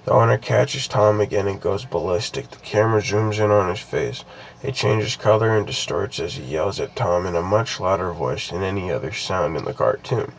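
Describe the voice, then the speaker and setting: Deep-voiced with vocal fry, this young creepypasta reader goes through the story casually, pausing often to ramble, restart, and pile on fillers. There's a slight hiss or hum, and the recording quality is low.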